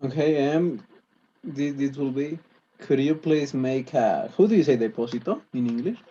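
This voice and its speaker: A man learning English, practicing polite requests and often pausing to search for words. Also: mid-range voice, warm tone, slightly rough, muffled recording. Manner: hesitant, restarts, searches for words. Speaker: English student.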